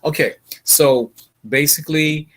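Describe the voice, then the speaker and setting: A man's voice: on the high side, steady tone, a little slow, a bit bright. A man hosting a casual livestream interview, folksy and full of sayings, often repeating his words as he talks. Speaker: livestream host.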